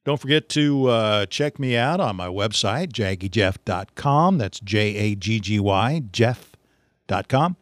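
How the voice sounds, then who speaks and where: A middle-aged man hosting a podcast, telling a funny story in a casual, animated way and laughing often. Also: fairly low pitch, measured pace, no echo. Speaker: podcast host.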